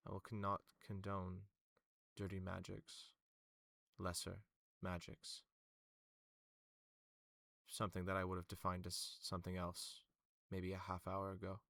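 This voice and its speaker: A man voicing a shaken, remorseful young noblewoman with halting, earnest speech. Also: low voice, monotone, creaky, fairly bright tone, no echo, heavily acted. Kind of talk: actual-play character voice.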